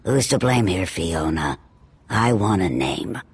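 A man voicing a ruthless crime boss with a cold, menacing, measured delivery. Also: low-pitched, animated, breathy edge, full character voice.

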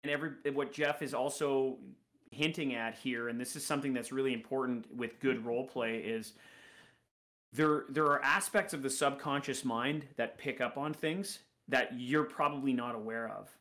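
A man's voice: mid-range voice, steady tone, moderate pace, a bit bright. Explaining man coaching on sales. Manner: explanatory, builds points in lists. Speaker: podcast co-host, sales coach. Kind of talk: casual sales podcast talk.

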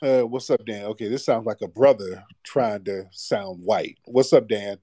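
A man's voice: fairly low pitch, moderate pace, dark tone, no echo, studio quality. A man hosting a late-night call-in show, talking bluntly in casual slang. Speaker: host. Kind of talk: live call-in radio show.

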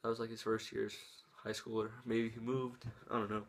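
A man's voice: on the low side, flat delivery, brisk. A young man telling a casual story-time vlog, rambling with lots of "like" and restarts while showing moves with his hands.

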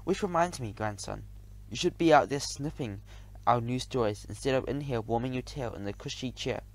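A man voicing a gruff, bossy old male mouse grandfather who booms his orders, in an audiobook. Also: normal speed, close to an everyday voice. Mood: boastful. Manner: booming, commanding. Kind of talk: audiobook character voice.

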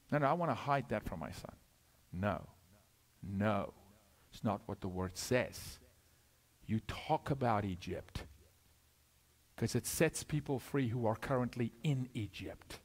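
A male guest preacher, giving a sermon that swings from loud, high peaks to hushed, low asides. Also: animated, unhurried, pauses often, breathy edge.

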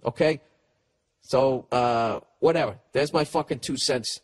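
A man's voice: medium pitch, a little slow. A middle-aged man hosting a podcast, giving blunt, profane comedic advice in a rambling way while reading out listener letters. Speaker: podcast host.

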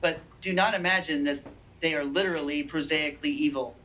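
A woman's voice: low voice, steady tone, fairly quick, fairly bright tone, a little hiss or hum, rough recording. A woman reading aloud the lines of a frantic, haunted man who is terrified of unseen horrors, voiced close to her own natural voice.

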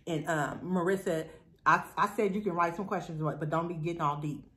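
A woman's voice: lowish voice, steady tone, a little fast, fairly bright tone. A woman, chatting bluntly and straightforwardly to her viewers while eating, a mukbang vlogger. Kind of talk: casual chat while eating.

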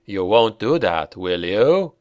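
A man reading the part of a dead father who returns, speaking slowly and gently like a patient old dad. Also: fairly low pitch, very animated, dry recording, highs cut off. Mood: calm. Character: calm, ghostly older father smoking a pipe.

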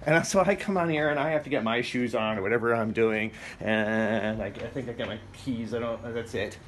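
A man's voice: medium pitch, fairly quick, a little hiss or hum. A man vlogging a casual first-person story at home, rambling and plain-spoken with many fillers. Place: his apartment and building, walking around.

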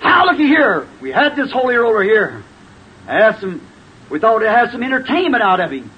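Preacher voicing a mocking, haughty Pharisee man, high and sneering; muffled old tape. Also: very animated, fairly quick, husky, exaggerated voice. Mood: scornful. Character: scornful proud Pharisee host, middle-aged man. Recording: dull old tape with faint hiss.

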